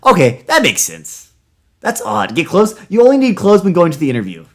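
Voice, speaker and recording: A man streaming a text adventure game live, reacting with loud, excitable outbursts. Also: sits high, brisk.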